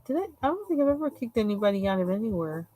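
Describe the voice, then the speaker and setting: A woman's voice: mid-range voice, big pitch swings, rapid-fire, warm tone, slight background noise, low-quality recording. A woman from the United States hosting a live coloring stream, chatting casually, laughing often and acting out the lines she quotes. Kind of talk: casual storytelling chat.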